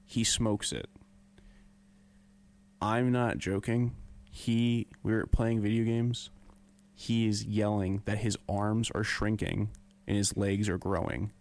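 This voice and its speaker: A man's voice: fairly low pitch, flat delivery, slow, pauses often, darkish tone. A young man co-hosting a podcast, telling a story in a casual, laughing way. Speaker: podcast co-host. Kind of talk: casual chat.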